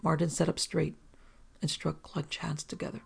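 An audiobook narrator reading a detective story in a steady storytelling manner. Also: medium pitch, moderate pace, vocal fry, breathy edge. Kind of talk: scripted narration.

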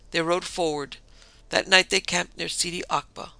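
Gravelly, bright-voiced male narrator. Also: sits high, steady tone, normal speed, no room sound, rough recording. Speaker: audiobook narrator. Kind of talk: scripted narration.

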